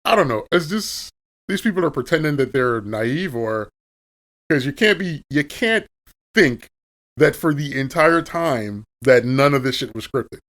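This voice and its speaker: A man's voice: medium pitch, expressive, a little slow, a bit bright. A man co-hosting a casual podcast, talking in an emphatic, profane and sarcastic way. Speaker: podcast co-host.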